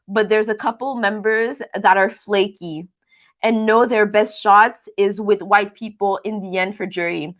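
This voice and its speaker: Young quebec woman chatting on a livestream, french-canadian accent, animated and repeats herself a lot. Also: a little high. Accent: Quebecois French-Canadian mix. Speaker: recap show host reading live chat. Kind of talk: casual livestream chat.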